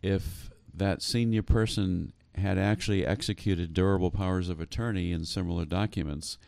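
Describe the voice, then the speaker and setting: A man's voice: sits low, normal speed, vocal fry, darkish tone, no echo. A man hosting a talk show interview, asking earnest questions with frequent hesitations. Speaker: host.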